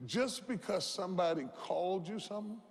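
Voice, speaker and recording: A man's voice: high voice, brisk, a little mellow, a little hiss or hum. A man preaching a sermon as pastor, impassioned and rhythmic, repeating lines and leading the crowd to say them back. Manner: impassioned, rhythmic preaching with repetition and call-and-response. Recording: long hall reverb.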